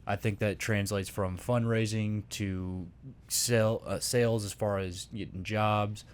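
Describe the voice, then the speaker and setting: Earnest low-voiced man, lots of "like". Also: steady tone, a little slow, smooth. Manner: earnest, heavy use of "like". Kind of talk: casual conversation.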